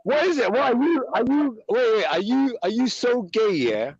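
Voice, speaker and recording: A man's voice: very high-pitched, sing-song, normal speed, muffled recording, crowd noise. A man on a live online panel, teasing others in casual banter, repeating his words and laughing often.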